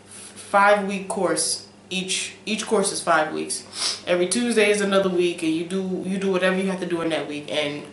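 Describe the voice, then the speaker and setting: A young woman in a casual talk-to-camera vlog, animated and preachy, who keeps checking in with "okay?" and swings between loud emphasis and soft asides. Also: on the low side, normal speed, roomy sound, slight background noise. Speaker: vlogger. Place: room at home, late at night.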